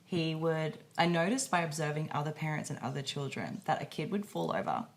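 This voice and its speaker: A woman, co-hosting a podcast in casual chat, telling stories with animated delivery and freely swearing. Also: low voice, brisk. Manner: animated storytelling, swears freely, acts out quoted voices. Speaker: podcast co-host.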